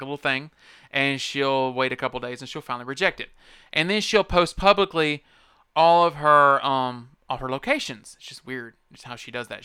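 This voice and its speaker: A man's voice: medium pitch, sharp tone, clean tone, no echo. A man hosting a podcast, ranting in a casual, profane, rambling and emphatic way into a close microphone. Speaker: podcast host. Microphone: close podcast mic.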